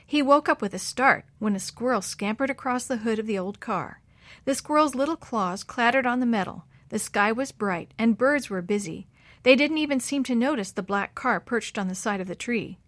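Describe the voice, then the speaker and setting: A woman narrating a chapter book for children in a warm, expressive, slow and clear way. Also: fairly high pitch, no echo. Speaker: children's storyteller.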